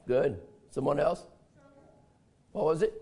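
An older male pastor delivers a sermon in a high, gravelly voice. He draws words out of the congregation and repeats them back. He slips into folksy stories with a chuckle. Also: slow pace, darkish tone. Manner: interactive, asks congregation and repeats answers; folksy storytelling with laughs.

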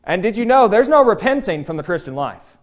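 High, animated male preacher. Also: fairly quick. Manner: animated, emphatic, acts out quotes. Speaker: pastor. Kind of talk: sermon.

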